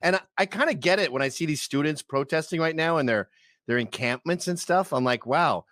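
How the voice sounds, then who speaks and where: A man's voice: a little high, a little fast, dry recording. A middle-aged man with a Canadian accent, a podcast guest telling stories casually and acting out the people in them. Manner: animated, acts out quoted people in loud put-on voices. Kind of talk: casual storytelling.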